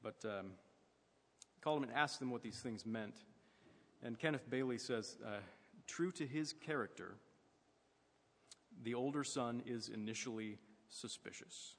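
A man's voice: medium pitch, unhurried, long reverb tail. A man preaching a sermon in a conversational way, asking his listeners questions.

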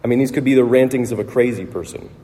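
A man's voice: medium pitch, quick pace, dark tone, a little hiss or hum. Earnest male preacher in a reverberant church. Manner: earnest, reflective, with restarts and fillers. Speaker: pastor. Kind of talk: sermon.

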